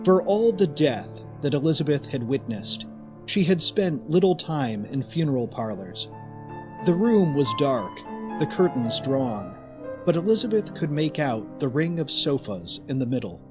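A man narrating a scripted audio story in a deliberate, storytelling manner. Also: on the high side, very animated, over music.

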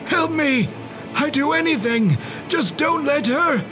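A man voicing a terrified drowning man who shrieks and pleads for help in a high, shrill voice, over music. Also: animated, slow, heavily acted.

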